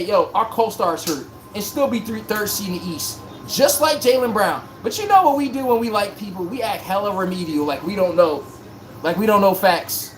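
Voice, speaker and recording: A man's voice: high-pitched, slight background noise. A man hosting a live-streamed basketball talk show, talking bluntly in slang and answering his chat. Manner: blunt, animated, slangy, talks straight to chat. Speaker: sports podcast host.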